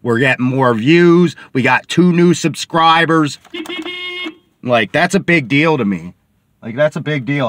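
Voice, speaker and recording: A man's voice: on the high side, unhurried, a bit bright. A man hosting a sports podcast, rambling casually in a chatty vlog while sitting in a car. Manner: rambling and chatty, many fillers.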